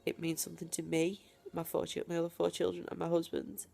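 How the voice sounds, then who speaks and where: A woman talking straight to camera from home in a personal video diary, emphatic and defiant, with deliberate pauses. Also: fairly low pitch, completely flat delivery, creaky, warm tone. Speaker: vlogger.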